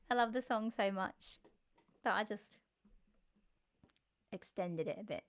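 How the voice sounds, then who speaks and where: A young woman, a musician, chatting casually and warmly with her live stream viewers, laughing often and thanking them by name. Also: fairly high pitch, big pitch swings, drawn-out words, long pauses.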